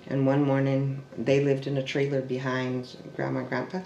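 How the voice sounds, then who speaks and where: A man with a gravelly, creaky voice recounts a family story in a halting, searching way. He restarts sentences often and sometimes sinks into a hush. He is recorded in an echoey room with a faint noise underneath. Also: medium pitch, completely flat delivery, muffled recording. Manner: halting, with restarts and trailing fillers. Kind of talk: oral history storytelling.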